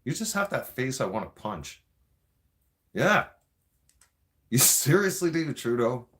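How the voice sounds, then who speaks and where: A man's voice: medium pitch, very animated, a little slow, fairly bright tone. A Canadian man delivering an angry, profane political rant in a vlog. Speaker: vlogger.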